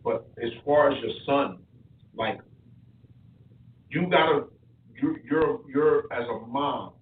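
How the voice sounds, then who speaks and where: A boxing coach chatting casually on a podcast, an animated storyteller who repeats his words. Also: mid-range voice, slow, slight background noise. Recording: echoey room, tinny lo-fi sound from far.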